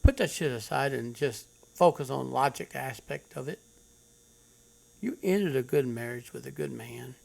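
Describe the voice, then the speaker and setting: A man's voice: medium pitch, animated, moderate pace, gravelly, a little mellow. A man hosting his own channel, giving blunt, preachy commentary on stories he reads out, lecturing with heavy emphasis. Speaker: channel host. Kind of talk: commentary on read-aloud online stories.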